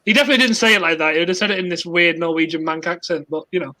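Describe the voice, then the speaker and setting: Bright, high-voiced young host. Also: male voice, steady tone, rapid-fire. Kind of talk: casual chat.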